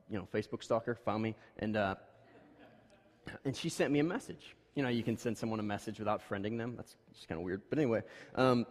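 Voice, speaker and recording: A man preaching a conversational sermon, telling stories casually and then pressing his points more loudly and emphatically. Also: medium pitch. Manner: casual storytelling that rises to emphatic, louder points. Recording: long reverb of a large hall.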